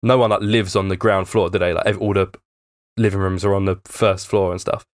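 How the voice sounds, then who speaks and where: A man's voice: deep voice, level tone, a little fast, no room sound, studio quality. A young man in casual podcast chat, rambling through a story with plenty of fillers and swearing.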